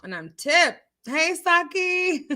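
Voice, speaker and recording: A woman's voice: high voice, very animated, extremely slow, pushed and bright. A tipsy woman casually chatting on a livestream in an echoey room at home, giggling and greeting viewers. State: a little tipsy. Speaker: livestream host.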